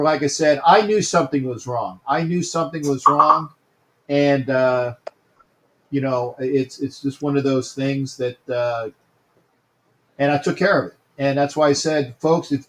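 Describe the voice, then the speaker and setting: A man's voice: mid-range voice, normal speed. A man hosting a casual sports talk livestream, greeting viewers by name and often repeating himself.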